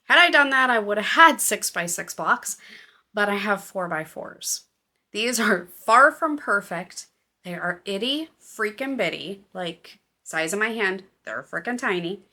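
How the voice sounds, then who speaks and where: A woman hosting a casual knitting and crafts podcast, chatty and excitable with a self-deprecating manner. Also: medium pitch, measured pace. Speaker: podcast host. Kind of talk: casual chat.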